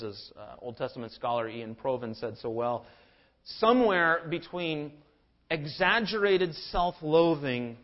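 A man's voice: medium pitch, dull audio. A man preaching a sermon in an earnest manner, often repeating words as he stresses a point. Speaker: pastor.

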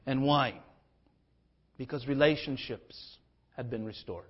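A man preaching a sermon with impassioned swings in pitch and loudness, sometimes acting out the speakers in his text in a conversational voice. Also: measured pace, breathy edge, lo-fi sound. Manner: acts out biblical speakers in a conversational voice. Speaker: pastor.

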